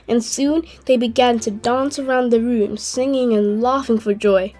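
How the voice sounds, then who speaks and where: A woman hosting a channel and reading a children's story aloud in a gentle, clear way. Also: on the high side, fairly even intonation, normal speed, few pauses, faint music behind. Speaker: host and storyteller.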